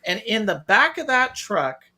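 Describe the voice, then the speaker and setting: Male podcast co-host, bright and forward tone, excitable and animated delivery. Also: high voice, a little slow. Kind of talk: casual review chat.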